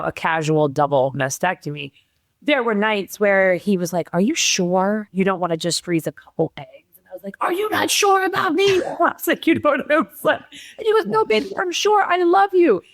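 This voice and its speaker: Woman, middle-aged, podcast guest, animated storytelling, acts out quotes, near tears at times, dry close sound. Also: medium pitch, dry recording. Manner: animated, acts out quotes, laughs while telling. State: tearful at moments. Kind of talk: emotional personal storytelling.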